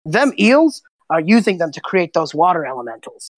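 A woman voicing a short, gruff old male lighthouse keeper with wild white hair, who talks bluntly and impatiently. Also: on the low side, sing-song, normal speed, no echo.

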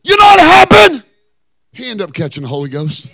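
A hoarse male pastor, telling a story in a sermon and building to shouted preaching in a church. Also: very high voice, huge pitch swings, fairly quick. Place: church sanctuary.

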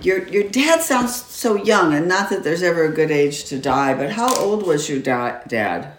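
Older female host, low animated voice, echoey room. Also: normal speed, a little hiss or hum. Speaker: podcast host. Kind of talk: casual interview chat. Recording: roomy sound.

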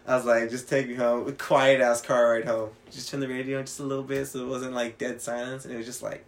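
A man's voice: mid-range voice, level tone, fast. Rambling, profane young man. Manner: rambling, profane storytelling with filler words. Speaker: podcast co-host. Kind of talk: casual chat.

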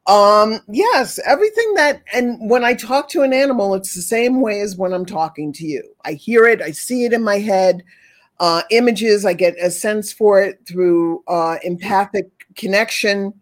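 A woman's voice: medium pitch, animated, moderate pace. A woman who talks with animals, explaining her work in an earnest, repetitive conversational way. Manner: earnest, repetitive, acts out pitying voices. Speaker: animal communicator guest. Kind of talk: casual conversation.

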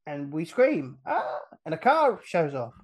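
A man on a casual podcast, retelling a film's plot with lively energy, acting out the characters' lines and laughing often. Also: on the high side, a little slow. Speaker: podcast guest retelling a film.

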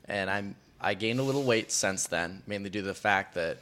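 A man with a fairly low voice, chatting in a relaxed podcast. He teases the others with dry humor. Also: moderate pace. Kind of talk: casual group chat.

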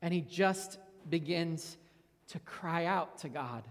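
A man's voice: on the high side, takes it slowly, big-room sound. A man giving a sermon as a pastor, earnest and reflective, often repeating words as he stresses a point.

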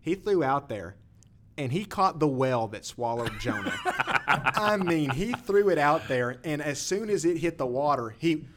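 A man with a slightly higher voice tells a fishing story in an animated, laughing way. It is casual chat with faint background noise. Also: a little slow. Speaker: co-host telling a fishing story.

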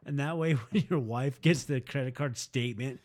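A man's voice: medium pitch, normal speed, a little mellow. Joking man in profane banter. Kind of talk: casual chat.

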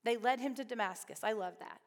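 A woman's voice: a little high, fast. Woman Bible study teacher, conversational, asks the group questions, reverberant hall.

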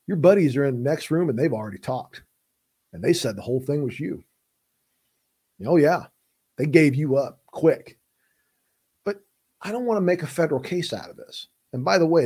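A smooth-talking police interrogator, put on by a man, who leans in like your best friend. He speaks softly and confidingly, coaxing a confession out of a suspect, his voice pitched slightly high for a man.

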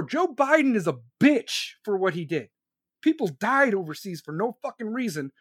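A man's voice: extremely high pitch, very animated, normal speed, no room sound. Man in his forties, angry profane rant, dry close sound. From United States. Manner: angry, crude, repeats himself. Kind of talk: profane ranting monologue.

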